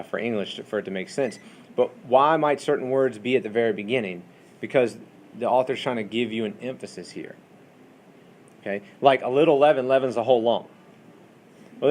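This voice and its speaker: A man teaching a Bible study class in a classroom, lecturing in a conversational way and asking the students questions, with many fillers. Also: mid-range voice.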